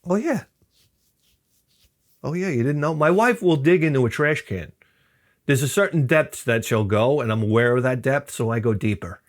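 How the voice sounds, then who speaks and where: A middle-aged man who hosts a channel rambles through comedic stories, animated and profane, acting out quotes in other voices. He speaks in a mid-range voice at a moderate pace, with long pauses.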